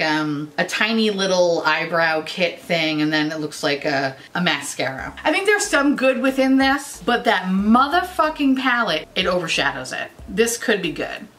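Brief: woman in her 30s, bright sassy vlogger, swears a lot, big swings in pitch. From United States. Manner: sarcastic, swears constantly, jumps into silly voices. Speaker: beauty YouTuber. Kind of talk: casual profane rant.

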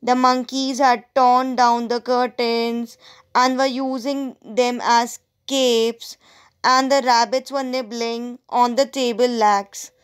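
Woman teacher, high voice, slow storytelling pace, explains words, asks students questions. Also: level tone, smooth. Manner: explains word meanings to students. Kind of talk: reading a story aloud to students.

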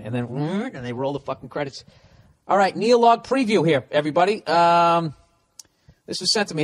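Comedy podcast host, male, highish voice, profane and animated, reads letters then riffs. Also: brisk. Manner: profane, animated, reading listener letters aloud. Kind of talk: casual comedy podcast rant.

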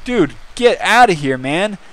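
A man with a slightly high, very lively voice plays through a game, muttering to himself before erupting into loud yelps and cheers. He talks at an unhurried pace between outbursts, and a steady hiss of noise sits under the home recording. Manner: mumbles menus, then bursts into excited yells. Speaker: gaming channel host. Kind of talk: let's-play commentary.

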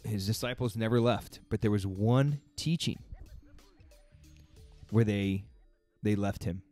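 A man's voice: on the low side, darkish tone. A man coaching in a casual devotional talk, earnest and conversational, laughing between his points. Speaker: fitness coach giving a daily faith talk.

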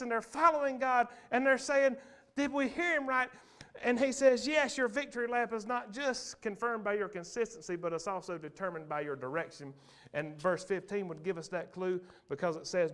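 High-voiced preacher, animated. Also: male voice. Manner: animated preaching, calls out to the congregation. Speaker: pastor. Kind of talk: sermon. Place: church sanctuary.

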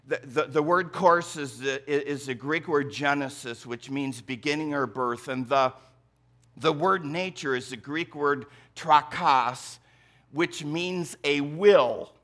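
Pastor with a Michigan accent, man, preaches slowly and deliberately to his congregation. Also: mid-range voice, sharp tone. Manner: slow, deliberate preaching with emphatic phrasing. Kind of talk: sermon. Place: church sanctuary.

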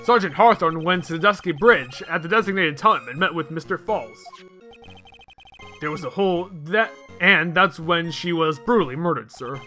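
A man's voice: a little high, normal speed, bright, forceful tone, faint music behind. Man reading an earnest bumbling detective. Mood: dutiful.

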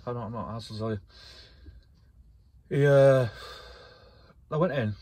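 A man rambles and rants straight to camera from inside his camper van. His voice is husky, and he swears freely as he gets worked up. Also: medium pitch, unhurried, darkish tone. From North West England. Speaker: vlogger. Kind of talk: casual ranting vlog.

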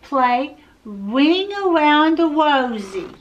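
A woman voicing a shy little male rat who turns his r sounds into w as he slowly calls out commands in a storybook. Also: high-pitched, big pitch swings, dull audio, voice pushed up, full character voice. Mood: calling out.

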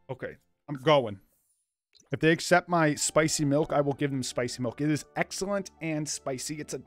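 With faint music in the background, a young man speaking at a moderate pace in a slightly high voice does let's play commentary on a life-sim game. A gaming YouTuber, he's goofy, says he's a bit loopy, and keeps joking to his viewers.

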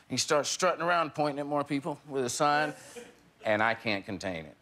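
A man's voice: fairly high pitch, animated, brisk, pushed and bright. A man in his forties, a talk show guest telling a comic story and laughing through his punchlines. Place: TV studio with live audience.

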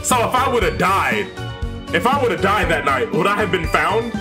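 A young man hosting a horror game playthrough, talking with excitable energy and shouting to hype up his viewers. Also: high voice, normal speed, music in the background. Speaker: gaming channel host.

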